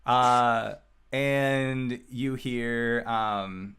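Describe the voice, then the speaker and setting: A man narrating as game master of a tabletop game, slow with many filler sounds. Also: fairly low pitch, a bit bright, clear, resonant tone.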